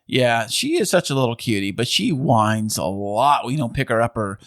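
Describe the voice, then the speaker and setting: Lively man hosting a podcast. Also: mid-range voice, normal speed, no room sound, studio quality. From San Diego area. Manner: upbeat morning-radio host delivery. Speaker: podcast co-host. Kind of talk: casual chat.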